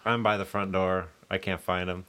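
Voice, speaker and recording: A man's voice: low-pitched, little pitch movement, normal speed, fairly bright tone. A man telling crude stories in casual chat, laughing often.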